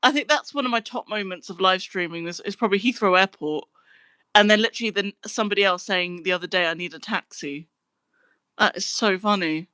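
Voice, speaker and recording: A young woman chatting casually on a live stream, answering her chat in a relaxed way. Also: medium pitch, a little fast, clear, resonant tone, no echo. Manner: chatty, giggly, breaks into laughing fits.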